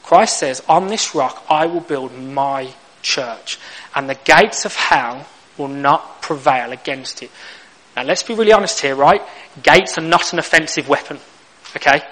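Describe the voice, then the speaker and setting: Bright-voiced young man preaching with humor. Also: on the high side, unhurried, poor audio. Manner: humorous storytelling, acts out lines. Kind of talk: sermon.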